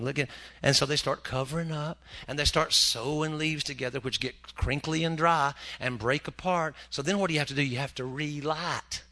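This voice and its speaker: A man preaching a humorous sermon in a folksy, joking way, slipping into quick character voices. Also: fairly high pitch, sharp tone.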